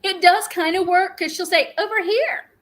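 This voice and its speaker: A woman's voice: very high voice, flat delivery, moderate pace, a bit bright, rough recording. A middle-aged woman, hosting a casual live stream and telling rambling stories with frequent laughs. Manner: chatty, rambling storyteller, laughs often.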